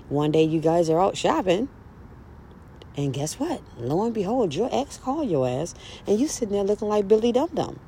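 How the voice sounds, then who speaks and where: A woman's voice: low voice, mellow, a little hiss or hum. A woman vlogger ranting bluntly and profanely outdoors in a breeze, hammering her points with repetition. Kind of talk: casual ranting monologue.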